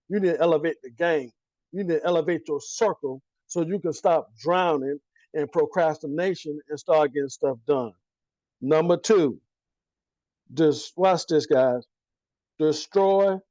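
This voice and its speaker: A man coaching his listeners in a preachy motivational pep talk, talking straight at them in casual slang and answering his own questions. His voice sits high. The recording is dry and a little muffled. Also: a little mellow, dry recording.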